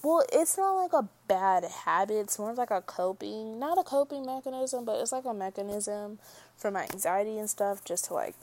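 A woman's voice: medium pitch, expressive, moderate pace. Rambling young woman vlogger. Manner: rambling, many fillers and self-corrections. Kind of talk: casual chat to camera.

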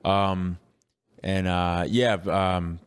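A man's voice: low voice, flat delivery, extremely slow, clear, resonant tone. A man co-hosting a casual podcast chat, rambling with many fillers and restarts and laughing easily. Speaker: podcast co-host.

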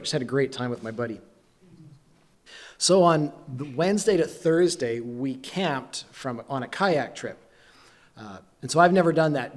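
A man's voice: medium pitch, darkish tone. Man preaching a chatty storytelling sermon. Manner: conversational storytelling with self-deprecating humor. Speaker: pastor.

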